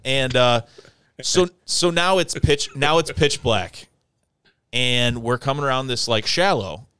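A man from telling a casual, profane story on a podcast, acting out his friend's angry yelling. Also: medium pitch, unhurried, clean tone, dry recording, clean studio sound.

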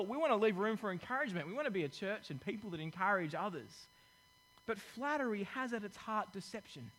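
A male pastor preaching a sermon in a lively, conversational way, dropping in corny jokes. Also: high voice, poor audio.

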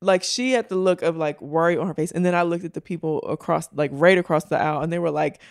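A woman co-hosting a casual chat, expressive and teasing, with lots of "like". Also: deep voice, quick pace, gravelly, no echo, studio quality. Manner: expressive, teasing, uses "like" a lot. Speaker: co-host.

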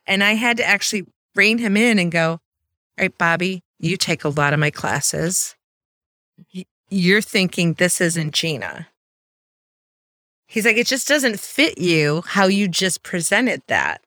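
Bright, animated woman sales trainer. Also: fairly low pitch, a little slow, no echo. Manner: animated storyteller, acts out quotes. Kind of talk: casual podcast chat.

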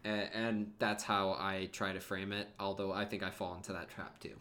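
Bright, eager male podcast co-host. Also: low voice, little pitch movement, moderate pace. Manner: enthusiastic, acts out quotes from scenes. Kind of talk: casual fan podcast chat.

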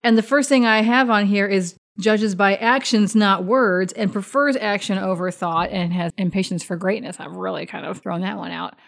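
A woman's voice: mid-range voice, moderate pace, gravelly, hardly any pauses. Female player, mid-range voice, talks things through casually. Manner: thinking aloud, chatty. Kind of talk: casual chat at a game table.

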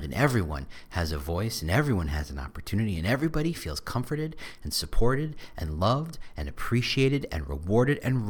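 A gushing recruiter pours on a slow, deep hard sell, as a podcast host puts him on. The voice sits low, and the pitch swings widely between words. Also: male voice. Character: overeager male recruiter pitching a job.

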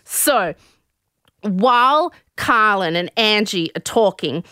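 A woman hosting a podcast, telling a gossipy, animated recap in casual chat. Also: medium pitch, slow pace, clean tone, no room sound, studio quality.

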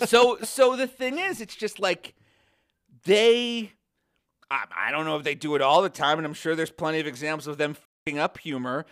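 A man, a comedian guest on a podcast, telling rambling, animated stories in casual chat, with swearing and mocking voices. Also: a little high, normal speed, smooth.

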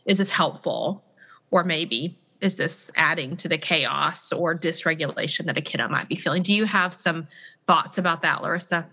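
A woman hosting a conversational podcast interview, chatty and animated, acting out example voices as she talks. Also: deep voice, normal speed, slightly rough. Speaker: podcast host.

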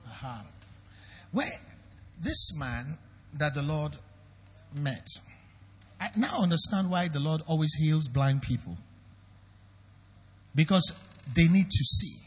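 A man's voice: fairly high pitch, lively intonation, slow, long pauses, fairly bright tone, breathy edge, long reverb tail. A Nigerian man preaching a sermon as pastor, emphatic and questioning the congregation directly.

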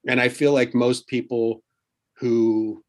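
A man in casual podcast chat, circling his point with many false starts. His voice sits at an average pitch. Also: little pitch movement. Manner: rambling, halting restarts. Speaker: guest comedian.

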